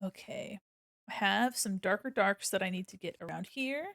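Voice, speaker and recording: A woman's voice: medium pitch, normal speed, gravelly, a bit bright, no room sound, studio quality. A woman streaming while she draws, chatting casually with her viewers, playful and mock-offended, laughing often. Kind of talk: casual live-stream chat while drawing.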